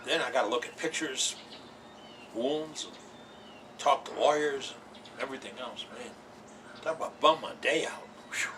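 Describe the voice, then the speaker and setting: A man's voice: mid-range voice, moderate pace, pauses often, bright, forceful tone, far from the mic, a little hiss or hum. A man hosting a woodturning show, talking in a folksy, emphatic instructional way and repeating his key points with jokey asides. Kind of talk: folksy instructional talk to camera.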